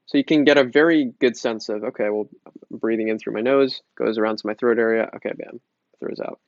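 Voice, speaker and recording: Man, yoga teacher, relaxed chatty guidance, dull dry lo-fi sound. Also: mid-range voice, vocal fry, no room sound. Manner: relaxed and chatty, jokes around, restarts often. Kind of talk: casual guided breathing lesson.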